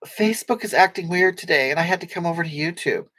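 A brash, crude middle-aged woman, put on by a man, who rambles through a comic livestream with a breathy, halting voice. She keeps restarting her sentences as she reads out chat comments, easily wounded and quick to take offense. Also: on the high side, bright, forceful tone. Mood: rambling. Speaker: livestream host reading comments.

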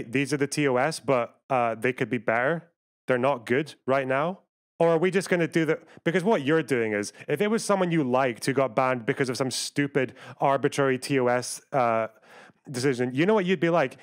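A young British man livestreams commentary, talking straight to his chat and reacting to it with frequent swearing. His middle-pitched voice argues in rambling bursts packed with "like" and "you know," jumping between rants and rapid asides to the viewers.

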